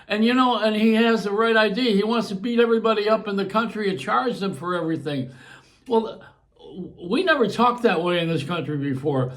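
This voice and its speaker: A man's voice: high voice, a bit bright. An older man, a longtime radio host from Buffalo with a New York accent, rambling through a casual monologue and chuckling as he digresses.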